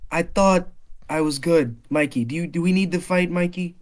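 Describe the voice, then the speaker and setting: A whiny, slurring drunk with a bad New York accent, as a game master puts him on. He pitches his voice up and gets loud and pleading, wheedling his way along. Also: normal speed, close to an everyday voice. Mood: drunk whining.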